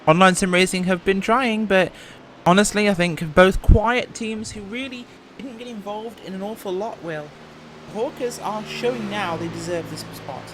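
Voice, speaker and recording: A woman's voice: mid-range voice, moderate pace, noisy background. A woman co-commentating a sim race live, chatty and upbeat, adding analysis and light banter. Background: music playing underneath.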